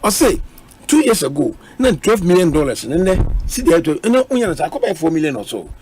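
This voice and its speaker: A man's voice: a little high, big pitch swings, fairly quick, darkish tone, a little hiss or hum. A Ghanaian man, a member of parliament, arguing animatedly on a radio panel, mixing Twi and English. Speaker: politician, minority member of parliament.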